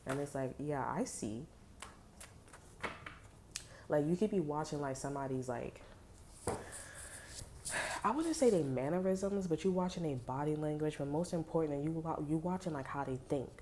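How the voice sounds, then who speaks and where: Woman tarot reader, very deep voice, mellow dark tone, rambling and profane, faint background hiss. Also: moderate pace, pauses often. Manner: rambling, profane, slangy, with lots of fillers. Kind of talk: casual tarot reading.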